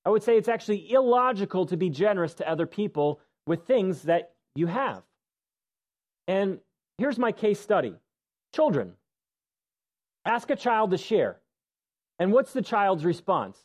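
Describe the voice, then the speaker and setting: Male pastor with a fairly high voice, preaching conversationally in a church, stressing key words. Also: sing-song, a little slow, pauses often. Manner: conversational, emphatic, drops low for stress. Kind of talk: sermon. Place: church sanctuary.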